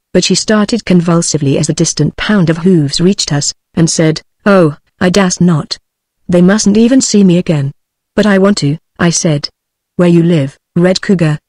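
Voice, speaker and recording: A woman's voice: fairly low pitch, no echo. Synthetic British woman reading a book. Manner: even synthetic reading of all dialogue. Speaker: narrator. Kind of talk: text-to-speech audiobook reading.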